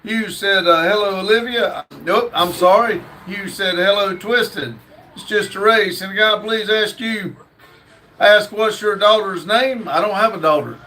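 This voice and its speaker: A man hosts a casual livestream, reading viewers' messages aloud and stumbling through them with many fillers. His voice sits high and sounds bright and forward. Faint noise hums behind him. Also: unhurried. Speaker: livestream host reading chat.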